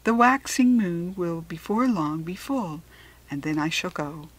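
A woman reading a storybook and voicing a wise, cryptic magical hare, with a breathy, calm and knowing manner. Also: on the low side, measured pace, poor audio.

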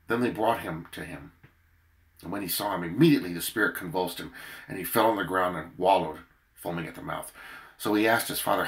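A worn-out man giving an earnest daily devotional sermon and reading scripture aloud, his loudness swelling and dropping for emphasis. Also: low voice, brisk. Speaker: preacher leading a daily prayer.

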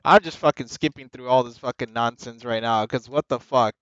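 A man's voice: mid-range voice, a little fast, a bit bright, no room sound, dull audio. A young man streaming a game, ranting, exasperated and cursing at it. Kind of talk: frustrated gameplay commentary.

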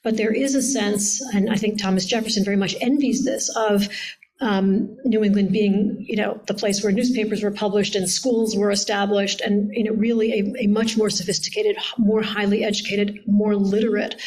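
A woman's voice: medium pitch, little pitch movement, moderate pace, a little mellow, low-quality recording. A middle-aged woman author answering questions in an interview at a public event, thoughtful and digressive with frequent fillers and restarts. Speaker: author interviewed about her biography.

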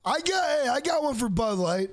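A man streaming a game live, loud and profane, joking around, greeting viewers by name and breaking into shouted rhyming bits. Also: very high voice, sing-song, normal speed, dry recording.

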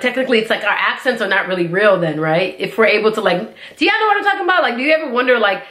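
A woman's voice: medium pitch, a bit bright, echoey room. An American woman hosting a reaction video, chatting casually with lots of fillers and giggles. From United States.

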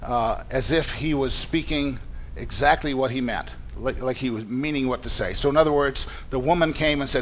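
A man's voice: medium pitch, normal speed, a little hiss or hum. A man preaching a sermon in a conversational, explanatory way, often restarting his sentences. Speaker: pastor. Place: church meeting room.

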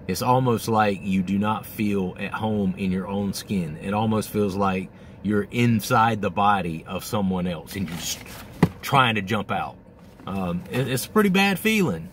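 A middle-aged man with a somewhat low voice talks in a candid, casual monologue, swearing freely and slipping into his own inner voice. A faint hiss of background noise sits under the recording. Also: fairly bright tone. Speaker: host.

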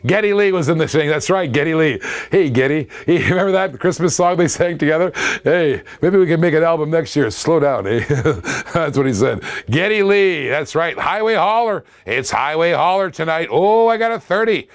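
A Canadian man in his forties auctions off diecast cars on a live stream. His voice sits a little high for a man, and he jokes, chuckles and repeats himself as he calls out bids. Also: expressive, moderate pace. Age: 40s. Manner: playful, jokey, laughs often, repeats himself.

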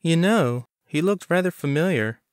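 Sly, knowing woman clerk, high and drawn out, put on by a male narrator; smooth, close and dry. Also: animated, moderate pace, no echo, lightly acted. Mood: conspiratorial. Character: female coffee shop clerk, knowing and conspiratorial.

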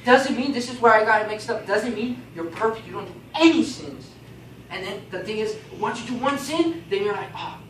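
A man teaching a baptism class in a casual, animated way, often asking "okay?" and "you know?". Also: high voice, brisk. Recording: echoey room, mic far off, faint noise.

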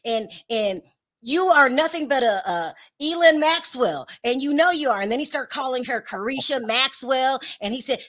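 A woman with a high-pitched voice hosts a casual celebrity gossip show, chatting animatedly, reading viewer comments aloud and scolding with long, drawn-out repetitions.

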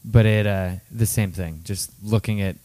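Low-voiced male co-host reading aloud. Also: moderate pace. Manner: steady, plain reading voice. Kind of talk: reading a listener note aloud.

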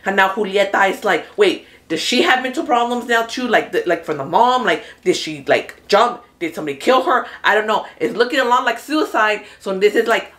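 A woman hosting a casual TV recap, talking in an animated, chatty way, swearing freely and acting out what the characters say. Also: medium pitch. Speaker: host of a TV recap channel. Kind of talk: casual spoilery show recap.

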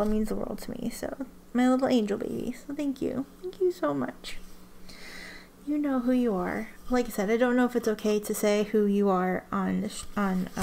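Chatty woman with a gravelly edge. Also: medium pitch, a little mellow, a little hiss or hum. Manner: chatty, rambling, many restarts and ums. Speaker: ink swatching vlogger. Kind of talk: casual chat to camera.

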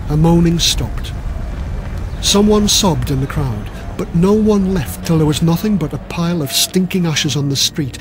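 High-voiced man narrating a dramatic story. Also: a little hiss or hum. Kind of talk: scripted narration of a children's history story.

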